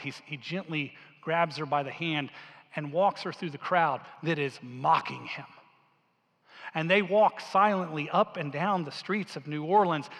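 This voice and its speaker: A male pastor telling a story in a sermon with earnest, quiet intensity, dropping his voice low for quoted lines. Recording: long hall reverb.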